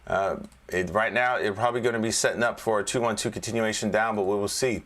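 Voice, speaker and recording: A man's voice: lowish voice, steady tone, fast talker, fairly bright tone. Chatty, joking male trading coach. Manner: chatty and joking, keeps checking in with "all right?". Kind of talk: casual screen-share market review.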